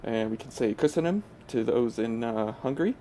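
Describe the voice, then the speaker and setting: A man hosting a gaming channel, talking through gameplay in a casual, hesitant way with many pauses and restarts. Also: mid-range voice, lively intonation, dark tone, slight background noise. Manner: hesitant, full of uh fillers and restarts.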